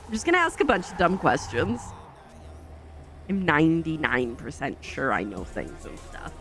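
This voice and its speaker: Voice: medium pitch, wildly swooping pitch, moderate pace, bright, forceful tone, faint music behind. A gaming channel host chatting casually while driving in a truck game, rambling with many fillers and self-corrections and acting out past thoughts in quoted asides.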